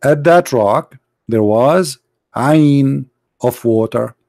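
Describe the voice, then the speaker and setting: A man's voice: medium pitch, very slow, creaky, warm tone, dry recording. Mocking man with a dry close sound. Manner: mocking, sarcastic, repeats "brother" often; non-native English with broken grammar. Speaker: host of a call-in religious debate show. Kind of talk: heated live debate with callers.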